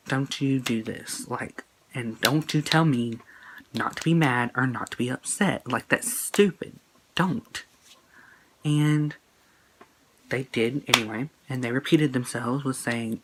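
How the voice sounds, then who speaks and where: A man's voice: medium pitch, fairly bright tone, poor audio. A young man vlogging a personal breakup story to his phone camera, earnest and emotional, rambling with fillers and quoted texts. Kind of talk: casual storytime monologue.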